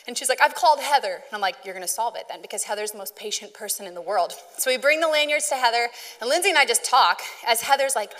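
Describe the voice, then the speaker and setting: A woman's voice: a little high, animated, fast, few pauses, fairly bright tone, in a large hall. A woman preaching a sermon in a conversational, storytelling way, asking the audience questions.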